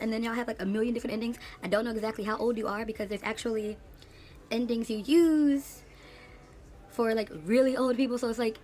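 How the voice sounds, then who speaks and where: A woman in her late twenties, an English teacher, ranting in a casual vlog with sassy, animated storytelling and slang. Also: a little high, quick pace. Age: late 20s.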